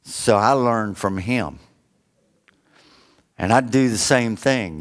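A middle-aged man preaching a sermon, rising for emphasis and dropping low for joking asides. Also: lively intonation, takes it slowly. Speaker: pastor.

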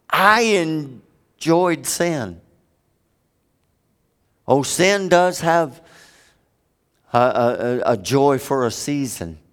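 A man preaching a sermon, with big dramatic swings from loud high peaks to hushed low stretches.

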